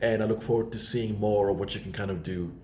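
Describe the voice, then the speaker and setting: A man giving warm feedback as a talent show judge, rambling with many "you know"s. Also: fairly low pitch, fairly even intonation, fast, slight background noise. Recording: echoey room.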